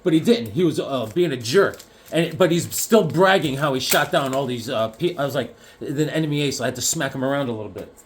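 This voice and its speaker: Animated man gushing over comics. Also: mid-range voice, brisk, a little hiss or hum. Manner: animated, jokey, acts out comic characters in bursts. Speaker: comic collector vlogger. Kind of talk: casual chat.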